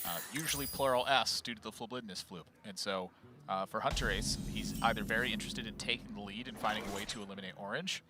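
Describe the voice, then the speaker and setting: A man's voice: lowish voice, quick pace, noisy background. A man casting a live card-game match, chatty and playful, joking with his co-caster. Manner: chatty, playful, laughs often. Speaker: esports caster.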